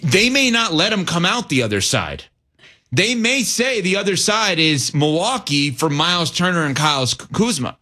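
A man with a bright, forceful voice holds forth on a sports talk panel. He reasons out loud, stacking hypotheticals and restarting sentences as he presses his point. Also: high-pitched, normal speed. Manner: animated, thinks aloud with restarts and hypotheticals. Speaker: sports talk show host. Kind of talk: casual sports debate.

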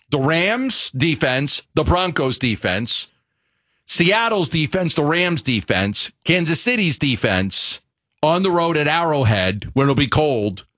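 A man's voice: fairly high pitch, fairly bright tone. A man with a New York accent co-hosting a sports radio show, talking in a rambling, restart-filled way. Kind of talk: casual sports talk. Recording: radio studio mic.

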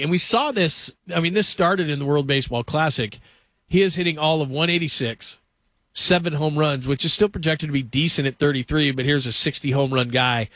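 A man's voice: fairly high pitch, fairly bright tone, no room sound. Male sports talk host, casual, conversational, dry studio sound. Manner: conversational, quizzing his co-host.

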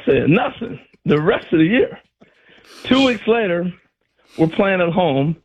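A husky, fairly high-pitched older man telling stories from his playing days with lively energy. He acts out the lines of the people in his tales. The sound is muffled, as from a radio broadcast. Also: unhurried. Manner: animated storyteller acting out quotes. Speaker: former player turned radio analyst. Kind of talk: storytelling on a sports radio show.

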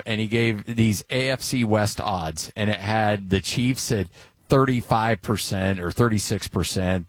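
A man's voice: fairly low pitch, a little hiss or hum. A middle-aged man hosting a sports talk show, telling stories in a casual, rambling way with lots of filler words. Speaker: sports radio host.

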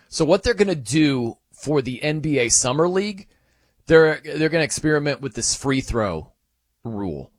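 A man's voice: fairly high pitch, no room sound, clean studio sound. A man hosting a sports radio show, telling a match story in casual talk and acting out quotes in other voices. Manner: animated, acts out quotes in shifting voices.

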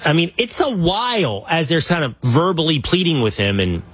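A man hosting a political interview, telling stories in an animated, opinionated way. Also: on the high side, normal speed, slightly rough, no echo. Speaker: show host.

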